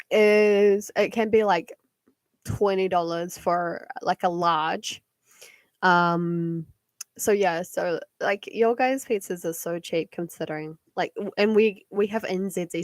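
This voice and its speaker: A woman's voice: medium pitch, no echo, studio quality. A young woman with a New Zealand accent chatting casually to viewers on a live stream at home, rambling with many fillers and giggles. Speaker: livestream card reader. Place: home at night.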